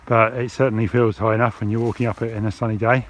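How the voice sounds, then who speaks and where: A man talking casually to his camera while hiking over hills outdoors, relaxed and chatty, sometimes out of breath from the climb. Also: lowish voice, quick pace, a little hiss or hum. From England. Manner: relaxed, chatty, thinking aloud with fillers. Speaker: hiking vlogger. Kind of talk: casual walking commentary to camera. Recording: dull lo-fi sound with music behind. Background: background music.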